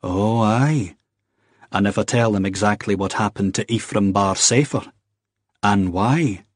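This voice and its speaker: A man's voice: fairly low pitch, unhurried, dry recording, studio quality. A man doing a stern Scottish man. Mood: menacing.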